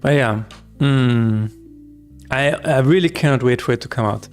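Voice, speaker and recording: A man's voice: mid-range voice, moderate pace, smooth, soft background music. A man streaming his game-development work who chats casually, jokes and rambles through asides, laughing often. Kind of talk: casual live-stream chat while coding.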